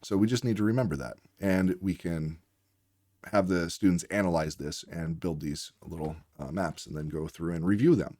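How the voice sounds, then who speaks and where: Low-voiced man tutoring reading, dry sound. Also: normal speed, warm tone, dry recording. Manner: patient, walks through sounds letter by letter. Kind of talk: instructional explainer lesson.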